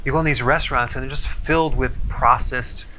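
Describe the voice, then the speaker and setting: A man giving an explanatory talk to camera as a health presenter, speaking in a measured way and often checking in with "okay?". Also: medium pitch, steady tone, bright, forceful tone, a little hiss or hum, low-quality recording.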